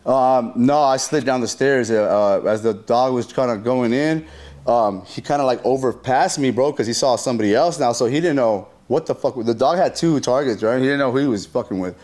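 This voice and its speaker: A man in a relaxed interview telling a story in a loose, slang-heavy and profane way. He is mid-pitched, and he keeps acting out what people said and punching it up with sound effects. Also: brisk. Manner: animated retelling that acts out what people said.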